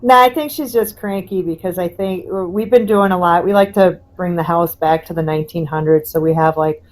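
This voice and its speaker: Rambling, laughing woman with a lowish voice. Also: brisk, poor audio. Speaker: guest, house owner. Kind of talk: casual chat.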